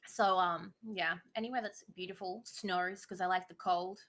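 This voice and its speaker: A woman's voice: fairly low pitch, steady tone, normal speed, fairly bright tone. A young woman streamer chatting casually as a guest, talkative, swearing now and then and laughing easily. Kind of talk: casual chat.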